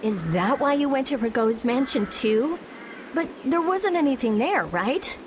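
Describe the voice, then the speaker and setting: Snarky young woman in a game, lively high voice. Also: measured pace, background noise. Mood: sarcastic. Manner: sarcastic, blunt.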